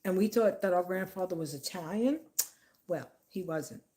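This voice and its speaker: A woman telling family gossip in a casual vlog, chatty and laughing, acting out what others said in lively voices. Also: fairly low pitch, moderate pace. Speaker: vlogger. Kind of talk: casual storytelling monologue.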